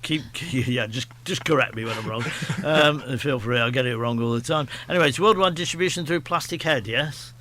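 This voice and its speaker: A man's voice: mid-range voice, a little fast, hardly any pauses, sharp tone, a little hiss or hum. A man with a Staffordshire accent hosting a radio show, chatting in a rambling, self-deprecating way with lots of restarts. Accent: Staffordshire English. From England, Stafford. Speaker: radio host. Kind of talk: casual radio chat. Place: radio studio.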